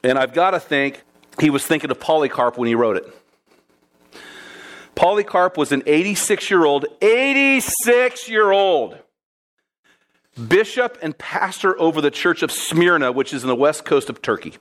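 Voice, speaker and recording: A man preaching a sermon, retelling a martyr story in a lively, conversational way. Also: on the high side, normal speed. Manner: lively, conversational, addresses listeners as guys.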